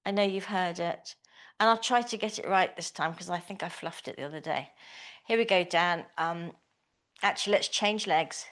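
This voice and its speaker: A woman's voice: on the low side, normal speed, a bit bright. A woman teaching a small Pilates class, giving encouraging, chatty cues. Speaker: pilates instructor. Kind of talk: live class instruction.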